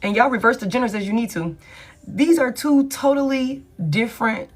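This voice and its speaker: A woman's voice: a little high, normal speed. A woman reading tarot cards for her viewers in a casual, blunt, profane way, talking straight to them. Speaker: tarot reader.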